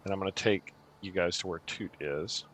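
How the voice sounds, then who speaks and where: A man's voice: low-pitched, moderate pace, a bit bright, a little hiss or hum. A young man narrating a tabletop game as game master, rambling with many fillers.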